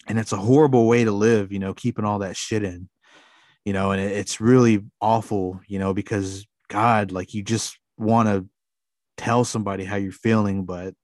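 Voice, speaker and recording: A man's voice: fairly low pitch, darkish tone, dry recording, clean studio sound. A man co-hosting a podcast, talking earnestly and rambling with lots of fillers in casual chat. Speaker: podcast co-host.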